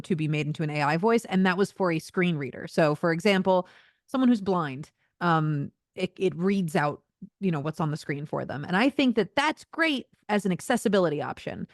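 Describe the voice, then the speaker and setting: A woman's voice: on the low side, no echo, studio quality. A woman voice actor giving a candid, earnest interview answer, with many fillers and small laughs. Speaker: voice actor guest.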